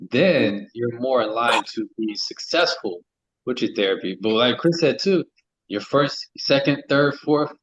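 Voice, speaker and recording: A man speaks on a talk show panel in a casual, halting way, often repeating words before landing his point. His voice sits at an ordinary middle pitch. The audio is a little dull and muffled. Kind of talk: casual discussion.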